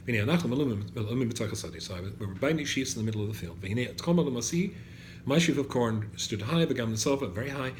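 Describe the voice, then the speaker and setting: A man's voice: medium pitch, animated, fast talker. A man, a rabbi teaching a class to students, quoting Hebrew verses, translating them and putting questions to the room. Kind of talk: animated Torah lecture. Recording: echoey room, faint background noise.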